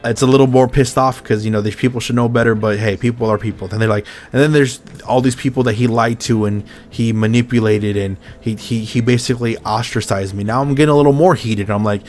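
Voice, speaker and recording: A man's voice: medium pitch, fairly even intonation, fast, few pauses, darkish tone. A man hosting a podcast in casual chat, ranting bluntly and swearing often. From Mexico's Baja California border region. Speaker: podcast host.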